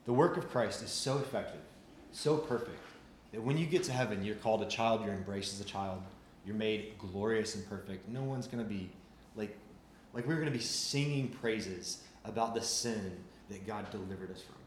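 A man's voice: on the low side, moderate pace, a little hiss or hum. A man preaching a conversational sermon as a pastor, with frequent restarts and casual fillers. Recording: roomy sound with faint ambience.

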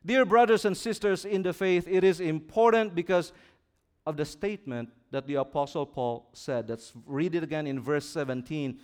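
A male pastor with a fairly high, clean-toned voice preaches a sermon in slow, swelling delivery. He has the congregation repeat words back to him and lets his voice rise and fall for emphasis.

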